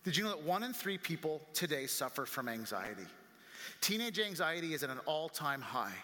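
A male pastor preaching a sermon, animated and full of rhetorical questions. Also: fairly high pitch, a little fast. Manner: animated, acts out quoted voices, rhetorical questions. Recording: long reverb of a large hall.

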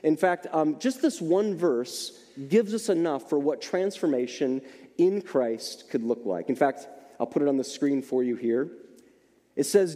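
A middle-aged pastor delivers a sermon in a relaxed, joking way, dropping frequent asides. His voice sits fairly high but sounds warm and mellow. It rings out with the long reverb of a large church hall. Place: church sanctuary.

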